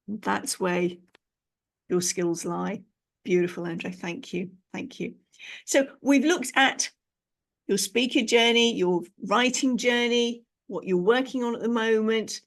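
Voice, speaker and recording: A British woman hosting a podcast interview as a speaking coach, talking in an encouraging, expressive way. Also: mid-range voice, a little slow, gravelly. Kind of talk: conversational interview.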